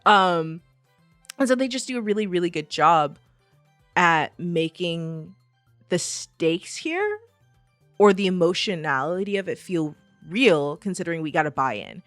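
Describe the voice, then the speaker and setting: A woman's voice: fairly low pitch, animated, a little slow, a bit bright, no room sound, faint music behind. A woman co-hosting a podcast in casual chat. She talks animatedly, laughs often and acts out quotes. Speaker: podcast co-host.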